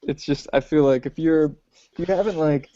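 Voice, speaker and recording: A man's voice: on the high side, normal speed, warm tone, no echo. A man co-hosting a podcast, thinking aloud in a hesitant way with many fillers while discussing films. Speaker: podcast co-host. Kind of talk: casual film discussion chat. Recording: dry, dull lo-fi podcast audio.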